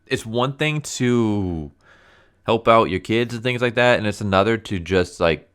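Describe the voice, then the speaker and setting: A man's voice: lowish voice, animated, unhurried, fairly bright tone, clear, resonant tone. A man giving a casual, exasperated comic book review, blunt and full of fillers like "like" and "you know.".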